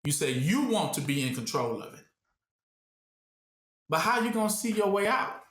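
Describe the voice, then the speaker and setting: A man's voice: sits high, very animated, moderate pace, a bit bright. A man giving call-and-response Bible teaching, talking conversationally and asking rhetorical questions for his listeners to finish. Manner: conversational, repetitive preaching. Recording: roomy echo.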